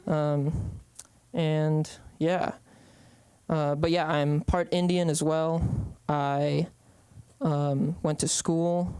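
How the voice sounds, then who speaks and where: A young man rambles through an open-mic stand-up set, full of ums and restarts. His voice is smooth and clear, recorded close and dry, with no room sound. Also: fairly high pitch, flat delivery, very slow, darkish tone, dry recording. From San Francisco Bay Area. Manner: rambling, hesitant, lots of ums. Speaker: stand-up comedian.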